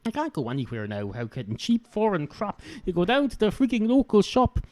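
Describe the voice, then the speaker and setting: A man's voice: high-pitched, dark tone. An Irish man hosting a podcast, ranting comically and rambling with many filler sounds into a handheld microphone. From Ireland. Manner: rambling, full of "uh" fillers and mock rants. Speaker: podcast host.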